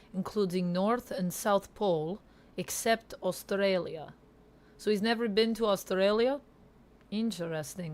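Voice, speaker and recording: A woman livestreaming a game on a headset mic, chatting playfully with viewers in a put-on Russian accent. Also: mid-range voice. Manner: playful, reads chat aloud, mock-serious. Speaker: gaming livestreamer. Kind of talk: casual livestream chat.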